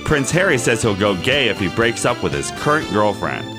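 A man's voice: mid-range voice, very animated, normal speed, music in the background. A man co-hosting a podcast, reading gossip headlines and promos with an arch, gossipy delivery. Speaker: podcast co-host. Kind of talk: show promo and casual chat.

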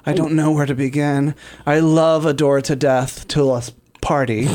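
Male host, playful, punny, slightly high voice, casual. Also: flat delivery, unhurried, a little mellow. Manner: playful, punning. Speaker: web series host reading fan questions. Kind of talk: casual chat.

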